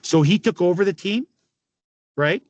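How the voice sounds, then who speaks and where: Raspy middle-aged man telling wild stories. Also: high voice, moderate pace, muffled recording. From Canada. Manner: laughing often, swearing, animated anecdotes. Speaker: guest, former hockey player. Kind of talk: casual storytelling interview.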